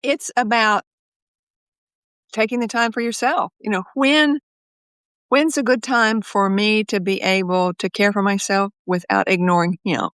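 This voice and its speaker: A woman psychologist, a guest on an interview podcast, speaks in a mid-range, fairly bright and clean voice with fairly even intonation, a little slowly. She tells stories with animation, often acting out her own inner voice in quotes. The recording is dry and close, with little room sound.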